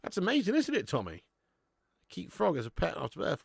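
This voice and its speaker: A man's voice: a little high, wildly swooping pitch, moderate pace, gravelly, no echo, clean studio sound. An English man hosting a live football watch-along, chatting casually with viewers and reading out their comments. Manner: laughs often, calls people mate.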